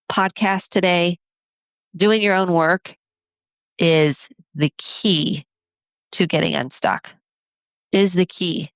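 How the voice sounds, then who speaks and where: A woman's voice: medium pitch, no echo, muffled recording. Earnest encouraging woman podcast host. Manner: earnest and encouraging, counts points off slowly. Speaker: podcast host and family therapist. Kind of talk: solo podcast talk.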